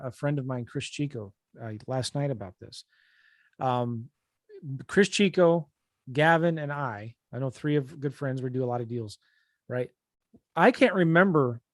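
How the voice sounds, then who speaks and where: A man's voice: fairly high pitch, no room sound, clean studio sound. A man hosting a real estate coaching talk, speaking in a conversational way and acting out what people think in quoted bits. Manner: animated, acts out people's thoughts in quotes. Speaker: real estate investing coach and show host.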